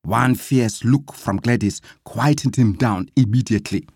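A narrator reading a story aloud with lively, dramatic delivery. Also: mid-range voice, unhurried, husky, no echo, studio quality.

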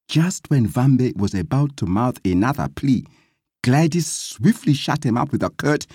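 A narrator reading a story aloud with lively, dramatic delivery. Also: medium pitch, measured pace, husky, no echo, clean studio sound.

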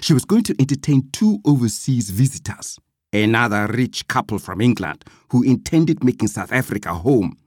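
A narrator reading a story aloud with lively, dramatic delivery. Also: mid-range voice, normal speed, breathy edge, no room sound, studio quality.

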